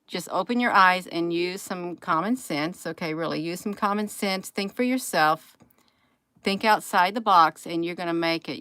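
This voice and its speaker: A woman's voice: fairly low pitch, fairly bright tone, no room sound, low-quality recording. A tired woman hosting a late-night livestream, folksy, repeating her phrases and calling viewers "you all". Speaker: channel host.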